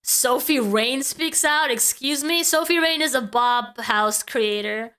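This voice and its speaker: A woman's voice: high voice, slow, music in the background. A woman streamer chatting casually while reacting to video clips.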